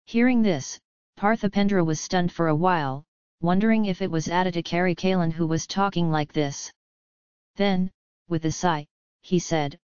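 A woman narrating an audiobook in a steady, measured reading. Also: fairly low pitch, clean tone, no echo, muffled recording.

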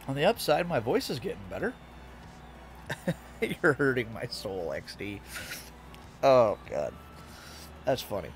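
A man's voice: medium pitch, big pitch swings, normal speed, pauses often, soft background music. A young man doing casual live-stream commentary while playing a racing game, chatting with his viewers and laughing often. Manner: chatty, reads and answers chat, laughs often. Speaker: VTuber streamer.

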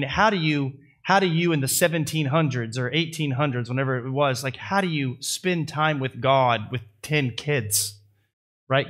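A male pastor preaching a sermon with folksy asides, building to loud, high-pitched swells at the climaxes.

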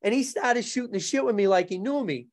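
A man as a podcast guest, telling animated stories in casual talk, laughing often and acting out other people's lines. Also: high-pitched, fairly quick. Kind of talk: casual storytelling.

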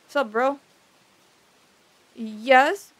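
A woman's voice: high-pitched, drawn-out words, fairly bright tone. A young woman streaming a game, joking and teasing the characters in casual commentary. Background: game music.

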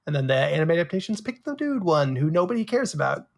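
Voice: medium pitch, big pitch swings, fast talker, gravelly. Podcast co-host with wry asides. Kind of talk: casual chat.

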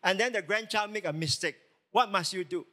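A man's voice: high-pitched, a little fast, sharp tone. A man preaching a sermon as lead pastor, emphatic and full of rhetorical questions.

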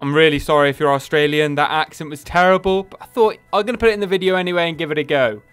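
A man's voice: fairly high pitch, very fast, a bit bright, clean tone, soft background music. A man in his twenties from the UK, a gaming YouTuber answering viewer questions in a chatty, self-deprecating, rambling way. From United Kingdom. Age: 20s. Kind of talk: casual Q&A monologue.

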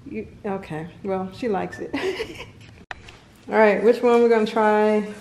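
A woman's voice: mid-range voice, takes it slowly, darkish tone. A woman filming a casual home vlog, chatting playfully with her kids and dog. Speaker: vlogger. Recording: echoey room with faint noise.

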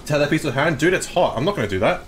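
A man with an Australian accent, live-streaming and excitedly arguing with his chat, swearing often. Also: fairly high pitch, racing, a little hiss or hum.

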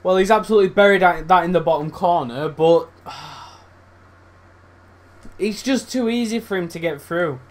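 A young man commentating his own football video game, swearing, swinging between loud outbursts and low muttering. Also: moderate pace. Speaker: gaming YouTuber. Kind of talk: live gameplay commentary.

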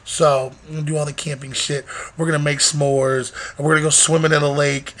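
A man's voice: on the high side, little pitch movement, fairly quick, hardly any pauses, noisy background. A young man vlogging casually, rambling and joking with heavy profanity. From Michigan, USA. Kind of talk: casual vlog rant.

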